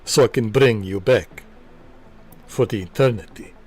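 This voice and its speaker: A man voicing a boastful, menacing male vampire count in a slow, theatrical way while joking on a game stream. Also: on the low side, darkish tone, husky. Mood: grandiose.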